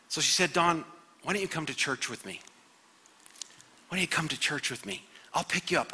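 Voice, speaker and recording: Brief: a male guest preacher with a bright, husky voice, delivering an animated sermon in a reverberant church hall. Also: mid-range voice. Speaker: guest pastor. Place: church sanctuary.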